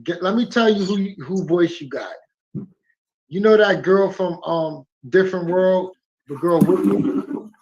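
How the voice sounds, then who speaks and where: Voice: mid-range voice, measured pace, darkish tone, slightly rough. A guest streamer in casual livestream chat, laid-back and agreeable, using slang, heard over a muffled lo-fi call.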